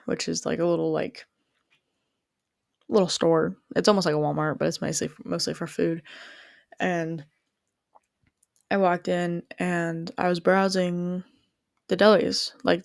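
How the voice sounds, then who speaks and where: Young woman musing in a gravelly voice. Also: on the low side, no room sound, studio quality. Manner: rambling, heavy use of "like", frequent restarts. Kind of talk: reflective personal storytelling.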